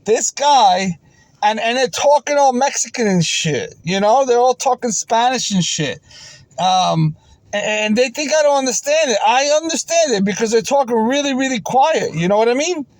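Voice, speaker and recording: A vending route operator tells a story to camera in an aggrieved, insistent way, repeating himself and stammering through frequent restarts. His very high-pitched voice is expressive and moves at normal speed. The recording is low quality, with no room sound.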